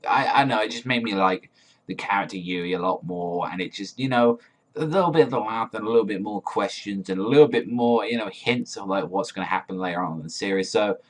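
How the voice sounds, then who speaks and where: A man's voice: lowish voice, animated, brisk. A man reviewing a manga chapter in a casual, rambling way, full of filler words and swearing.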